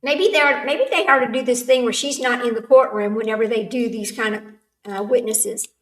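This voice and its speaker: A woman's voice: on the high side, normal speed, fairly bright tone. A woman, hosting a casual livestream chat, rambling and laughing often. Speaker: livestream host. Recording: echoey room, far from the mic.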